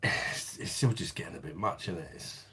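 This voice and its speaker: Host: blunt man, casual live chat, lowish voice, laughs freely. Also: normal speed, bright, forceful tone, breathy edge. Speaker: livestream host.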